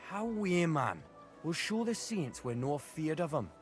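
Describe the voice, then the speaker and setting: A cheeky Northern English lad. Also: male voice, on the high side, a little slow, soft background music. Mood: mischievous. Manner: brash and animated dialect talk. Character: cheeky young village lad, prankster.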